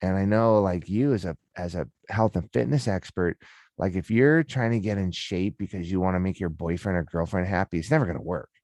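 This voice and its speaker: A man's voice: deep voice, a little fast, darkish tone, no room sound, studio quality. A middle-aged man, a podcast guest, telling a personal story in casual, candid talk with many restarts.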